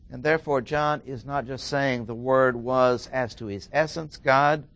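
A middle-aged man delivers expository Bible teaching at an unhurried pace. He builds his points by repeating phrases and leaning hard on single words. His voice sits at an ordinary mid pitch. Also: steady tone, fairly bright tone, muffled recording. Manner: deliberate, repeats key phrases with emphasis. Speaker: preacher.

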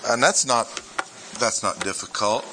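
Slow, emphatic man teaching scripture. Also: on the low side, background noise. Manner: emphatic, deliberate, repeats key points. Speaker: Bible teacher. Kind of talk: verse-by-verse Bible teaching.

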